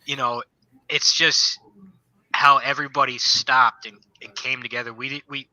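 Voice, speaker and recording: Man, very bright forceful tone, dry close sound, former soldier guest, rambling army stories, casual podcast chat. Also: mid-range voice, level tone, normal speed, no room sound, low-quality recording. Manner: rambling storyteller, leans on "you know".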